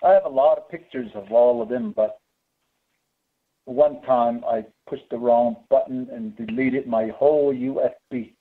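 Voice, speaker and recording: A male guest in casual chat who speaks slowly and laughs often. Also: medium pitch, narrow, tinny audio. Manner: slow-spoken, laughs often.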